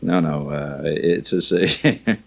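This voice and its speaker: Deep voiced guy on the radio reading fan mail, teasing and rambling. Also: drawn-out words, vocal fry, slight background noise, rough recording. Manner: wry, teasing, rambling asides. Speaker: radio host. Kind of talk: reading listener mail on air.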